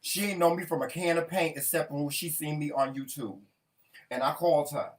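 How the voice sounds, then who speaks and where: A man co-hosting a casual talk show, telling a story in an animated, profane way with lots of quoted speech. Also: on the high side, brisk.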